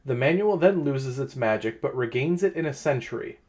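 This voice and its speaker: A man narrates a fantasy tabletop game over voice chat, mid-pitched and ordinary in tone. He explains items and scenes patiently, filling pauses with "uh". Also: lively intonation, a little mellow. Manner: explanatory, with frequent "uh" fillers. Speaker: game master.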